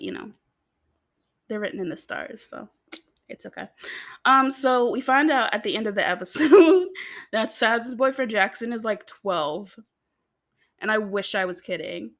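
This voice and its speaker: A young American woman chatting casually as she recaps a TV show, laughing often and filling her talk with asides. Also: mid-range voice. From United States. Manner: giggly, chatty, lots of fillers and asides. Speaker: video host.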